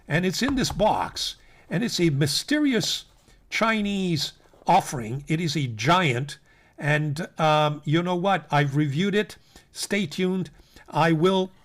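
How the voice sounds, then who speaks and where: A man hosting a pen channel, walking viewers through new pens in a casual, rambling way with many fillers and restarts, calling them folks. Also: on the high side. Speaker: fountain pen channel host. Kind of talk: casual product roundup.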